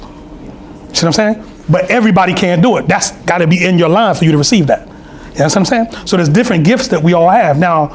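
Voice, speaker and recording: A man's voice: a little high, slight background noise. A man giving a loose, storytelling sermon with lots of asides and fillers at a temple meeting. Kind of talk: conversational sermon. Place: temple hall.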